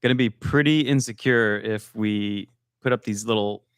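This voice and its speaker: A man's voice: on the low side, moderate pace, clear, resonant tone, no echo, studio quality. Wry man on a podcast. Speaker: podcast co-host. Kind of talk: casual chat on a live-streamed podcast.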